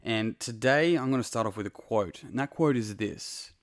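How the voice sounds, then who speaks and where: A man's voice: medium pitch, normal speed, no room sound, studio quality. A man hosting a podcast, talking straight to the listener in a casual, earnest motivational monologue full of swearing. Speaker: podcast host.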